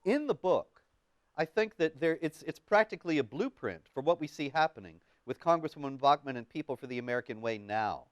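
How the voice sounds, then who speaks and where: A man hosts a political talk show. His voice is smooth and clear, recorded dry and close to the mic. He questions his guest in a measured, deliberate way. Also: on the high side, lively intonation, no echo. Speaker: host.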